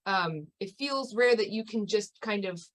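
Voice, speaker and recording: A woman's voice: mid-range voice, expressive, a little slow. A woman co-hosting a podcast, talking casually and thoughtfully, hedging and laughing often.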